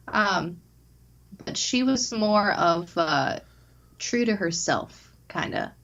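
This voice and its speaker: A woman's voice: medium pitch, expressive, takes it slowly, a bit bright, lo-fi sound. A woman who is a guest on a podcast, teasing her co-host and acting out quotes in silly voices. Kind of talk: casual chat.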